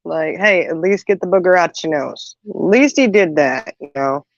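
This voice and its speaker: A middle-aged host with a lowish voice talks at a moderate pace, recounting everyday stories in a lively, chatty way with lots of side comments. The recording is slightly muffled and dull.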